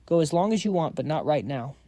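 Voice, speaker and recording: A man's voice: a little high, very animated, brisk, dark tone, dry recording. A man voicing a stern older institute director who scolds his researcher.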